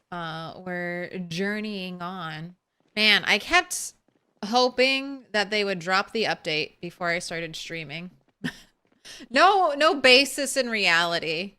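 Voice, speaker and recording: A young woman streams a game live, chatting casually, greeting her chat and giggling in a bubbly way. Her voice sits on the low side, with a sharp, clean tone.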